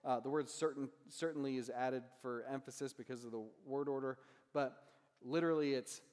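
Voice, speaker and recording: A male pastor delivers a sermon in a relaxed, conversational manner, tagging his points with a questioning "right?" His voice sits in an ordinary middle register. A long reverb trails behind him, as if he is speaking in a large sanctuary. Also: mid-range voice, moderate pace. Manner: conversational, asks "right?" often.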